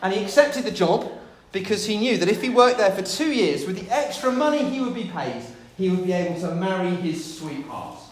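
A man's voice: high-pitched, very animated, a little fast, hardly any pauses, reverberant. A man preaching a sermon, telling a story with light humor.

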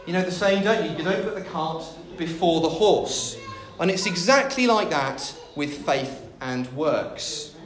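A man's voice: fairly high pitch, lively intonation, measured pace, echoey room. A man preaching a sermon, telling a story with light humor.

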